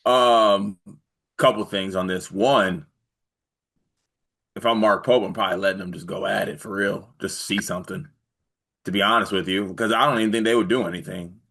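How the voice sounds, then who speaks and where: A man with a fairly low voice, co-hosting a casual sports show. He talks in a laid-back way and often tells stories. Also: fairly even intonation, moderate pace, gravelly, a bit bright. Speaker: co-host, former college player.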